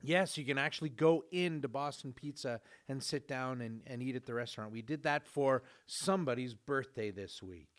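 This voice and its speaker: A man's voice: mid-range voice, moderate pace, few pauses. A man, hosting a podcast in a jokey, easygoing way with plenty of fillers. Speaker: podcast host. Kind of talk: casual podcast chat.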